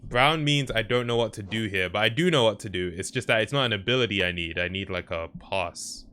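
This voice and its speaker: A man's voice: on the low side, a little fast, bright, forceful tone. A young man streaming a video game, chatting casually and reacting to his chat over noisy audio. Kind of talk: casual live-stream commentary.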